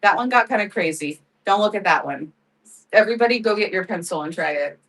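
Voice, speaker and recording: A woman's voice: mid-range voice, lively intonation, a little fast, fairly bright tone, recorded from a distance, rough recording. A woman hosting a live craft sale, chatting casually, laughing often and thanking viewers by name. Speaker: live-selling crafts host. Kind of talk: casual livestream chat.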